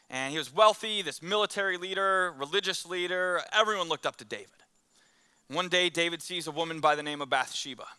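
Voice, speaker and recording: A man's voice: a little high, bright, forceful tone, clear, resonant tone. A man preaching a conversational sermon, telling stories and acting out the quotes in them. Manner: acts out quotes in the story. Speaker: pastor.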